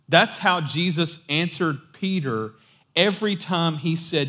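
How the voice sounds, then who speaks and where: Man, preacher, casual sermon, lively storytelling, slightly higher voice. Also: a little slow.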